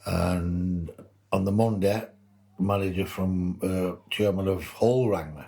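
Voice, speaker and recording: There's a dark tone and some vocal fry in this older man's low, slow voice. He's a former rugby league player with a Wigan accent from Lancashire, England, appearing as a podcast guest. He tells stories casually and laughs as he goes.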